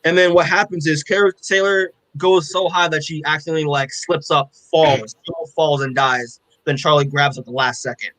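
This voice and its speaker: A man's voice: a little high, fairly even intonation, moderate pace, hardly any pauses, a bit bright, no echo, poor audio. A man on a podcast, recapping a comic in a loose, rambling way, full of fillers and swearing. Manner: rambling, profane, heavy with fillers. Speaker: podcast co-host. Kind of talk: casual chat recapping a comic.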